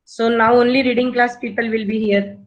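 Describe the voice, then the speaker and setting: Indian English woman teacher, slightly high voice, patient and repetitive, coaching pupils through reading. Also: fairly even intonation, brisk, highs cut off. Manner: patient, repeats instructions, prompts and corrects pupils. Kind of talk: online reading class.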